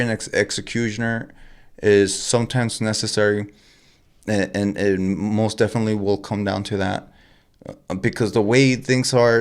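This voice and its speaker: A man in casual podcast chat who stumbles over his words with repeated restarts and keeps calling his friend dude. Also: fairly low pitch.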